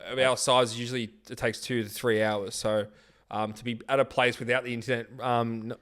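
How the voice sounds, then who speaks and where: A man's voice: mid-range voice, level tone, brisk, a bit bright. A man with an Australian accent co-hosting a podcast in casual chat, chatty and upbeat. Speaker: podcast co-host.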